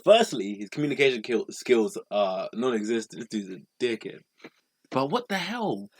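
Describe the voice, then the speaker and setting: A man's voice: mid-range voice, very animated. A man co-hosting a podcast, reacting to a friend's story with incredulous questions and outbursts. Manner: incredulous, quick outbursts, swears. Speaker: podcast co-host. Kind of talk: casual chat, reacting.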